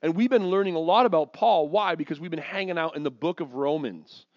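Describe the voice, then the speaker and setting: A man preaching a sermon, telling stories in a lively, joking way and acting out quotes. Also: on the high side, fairly quick, no room sound. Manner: lively, jokey storytelling with acted quotes. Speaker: pastor. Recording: dull lo-fi dry sound.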